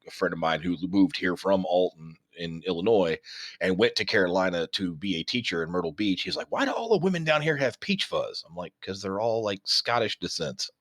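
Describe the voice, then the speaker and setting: Low-voiced rambling man on a podcast. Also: no room sound. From Texas. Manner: rambling, swears a lot, history buff lecturing. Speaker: podcast co-host. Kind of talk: casual chat.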